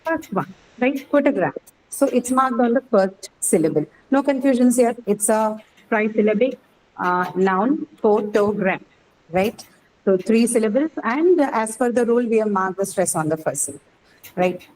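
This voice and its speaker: A woman's voice: fairly high pitch, lively intonation, moderate pace, a little mellow, a little hiss or hum, poor audio. Woman teacher explaining word stress. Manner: explaining patiently, asking checking questions. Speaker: English teacher. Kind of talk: classroom lecture.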